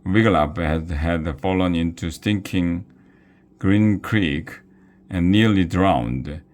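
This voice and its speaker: A man's voice: low voice, darkish tone. A man reading a children's book aloud, at times stumbling and restarting a word. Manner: slow, with small slips and restarts. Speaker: storybook reader.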